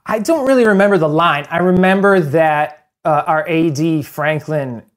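A man's voice: a little high, moderate pace. A man guest on a podcast, rambling and correcting himself as he tells a story from a past job on set. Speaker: guest, former stand-in. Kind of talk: casual podcast chat.

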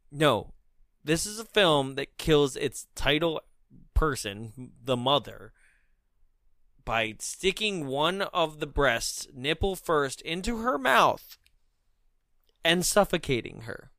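A woman co-hosting a casual film review chat, animated and laughing, acting out lines in shrieks. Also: sits low, slow, no echo. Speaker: podcast co-host.

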